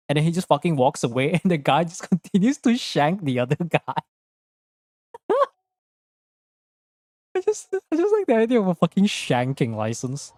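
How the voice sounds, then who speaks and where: A young man talks casually to his chat while gaming in his room, rambling from one joke to the next. His voice sits a little high and swings widely in pitch. The sound is close and dry. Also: sing-song, fairly quick, a little mellow, no room sound. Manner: rambling, jokey, swears freely, laughs often. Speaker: streamer.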